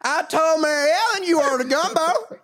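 A man voicing a loud, pushy Louisiana restaurant woman with a put-on Louisiana accent. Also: very high voice, expressive, moderate pace, pitched above the performer's own voice. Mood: indignant.

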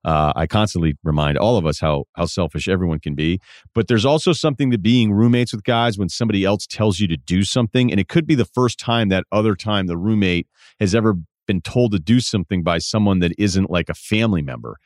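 A man's voice: low-pitched, brisk, a little mellow, dry recording, clean studio sound. A middle-aged man hosting a podcast, telling a story in a casual, wry, self-deprecating way. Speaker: podcast host. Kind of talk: casual advice monologue.

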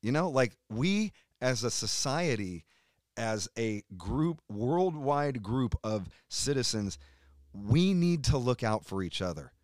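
A man's voice: medium pitch, sing-song, slow, darkish tone, no room sound. A middle-aged man from the United States rants as a podcast guest, swearing in nearly every sentence. He speaks in an ordinary middle register. The sound is dry and close, with no room around him. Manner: profane, emphatic, swears constantly. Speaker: podcast guest, metal musician. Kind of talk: heated casual rant.

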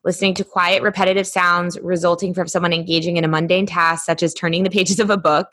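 A woman with a somewhat low voice chats casually as a podcast co-host. She rambles through stories with plenty of fillers. She is heard through a remote call microphone. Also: level tone, fast talker, fairly bright tone. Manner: chatty storyteller, many fillers. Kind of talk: casual chat.

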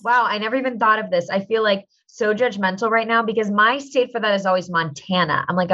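A woman's voice: mid-range voice, quick pace, few pauses, sharp tone. A woman in her thirties hosting a podcast, chatting in a bubbly, playful, self-mocking way. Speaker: podcast host. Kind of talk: casual chat. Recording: slightly dull lo-fi sound.

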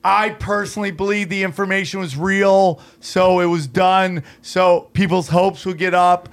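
A man's voice: high voice, level tone, normal speed. A man hosting a casual podcast chat who speaks in a blunt, profane way. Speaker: podcast host.

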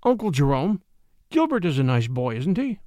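Brief: eager, plain-spoken young frontier woman, read by a man, bright lilt. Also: a little high, sing-song, moderate pace, no room sound, studio quality. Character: young woman from the West, frank and lively.

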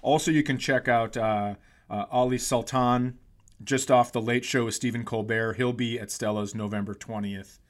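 A man co-hosting a comedy podcast talks in a loose, joking way, trailing off into fillers between plugs. His voice sits at an ordinary middle pitch. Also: fairly even intonation, moderate pace. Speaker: podcast co-host. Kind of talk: casual comedy podcast chat.

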